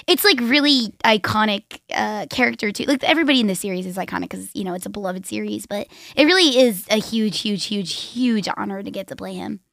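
A hoarse woman speaking as a guest voice actor on a podcast, energetic and rambling, full of fillers. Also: medium pitch, a little fast, hardly any pauses, no room sound. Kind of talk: casual podcast chat.

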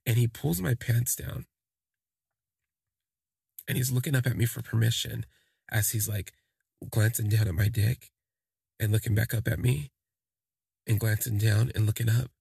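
A man tells a story in a loose, meandering way, leaning on "like" and "you know" as he goes. His voice is gravelly with a husky edge. The sound is dry and close. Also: lowish voice, fairly even intonation, moderate pace, pauses often, darkish tone, dry recording. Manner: rambling, full of "like" and "you know". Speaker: podcast storyteller. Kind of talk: casual first-person storytelling.

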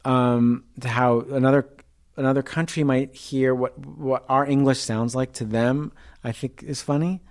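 A man, a comedian being interviewed, talking casually with many pauses and quick playful mimicry. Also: mid-range voice. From United States. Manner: relaxed, hesitant, fond of mimicking accents. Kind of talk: casual conversation.

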